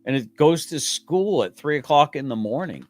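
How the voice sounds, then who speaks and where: A man's voice: a little high, lively intonation, normal speed, a little mellow. A man on a livestream, sarcastic and heated, stammering at times and swearing casually. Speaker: livestream commentator.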